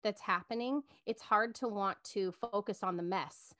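A woman's voice: mid-range voice, normal speed, sharp tone, dry recording. Upbeat woman co-host, earnest casual chat, dry close mic. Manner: upbeat, earnest, laughs easily. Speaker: podcast co-host. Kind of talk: casual faith podcast chat.

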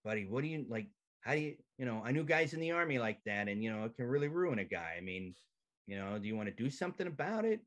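A man voicing a blunt, caring old grandfather with army years behind him, speaking low and confidingly. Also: sing-song, quick pace, lightly acted. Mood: concerned.

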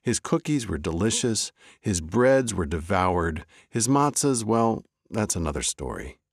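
A man hosting and narrating a folk story in a measured, wry storytelling manner. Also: on the low side, sing-song, slightly rough, no room sound, studio quality. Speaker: host and storyteller.

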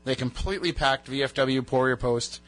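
A man's voice: mid-range voice, moderate pace, a bit bright. A man hosting a radio show, telling rambling stories in casual banter, his voice just back from being lost. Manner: chatty, rambling storyteller. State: recovering from a lost voice.

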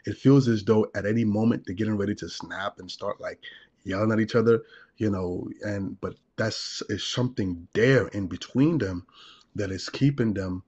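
A man speaks in a low, breathy-edged voice as a deliverance minister on a talk show. He explains his points earnestly and stacks them in long repeated lists. The recording sounds dull and lo-fi. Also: normal speed, darkish tone. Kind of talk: conversational teaching on a talk show.

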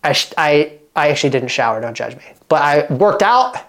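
A man in his thirties from Oregon, working as a fitness coach and chatting to camera. He talks in an animated, emphatic way, drops lots of "like" fillers, and restarts his sentences. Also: a little high, fairly quick. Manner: animated and emphatic, acts out quoted dialogue. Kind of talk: casual talk to camera.

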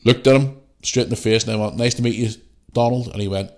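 A man's voice: fairly low pitch, steady tone, fairly quick, a little mellow. A man from Northern Ireland with a Northern Irish accent, hosting a casual solo podcast, blunt and opinionated, swearing freely and sniffly from the flu. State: getting over the flu, sniffly. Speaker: podcast host.

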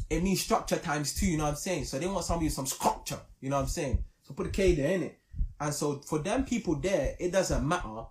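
A young man, telling a story in casual podcast chat, animated and emphatic. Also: medium pitch.

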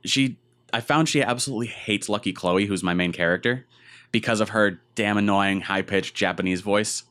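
A man with a fairly low, clean and resonant voice hosts a loose gaming chat. He rambles through his anecdotes and acts out what other people said along the way. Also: normal speed, a bit bright. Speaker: podcast co-host.

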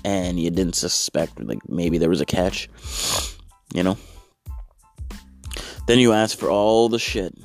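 A man with a very deep voice tears into a movie in a crude, sarcastic rant. His pitch jumps around wildly as he mocks the characters. Faint music plays in the background. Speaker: comedic movie reviewer. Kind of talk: profane comedic movie riff.

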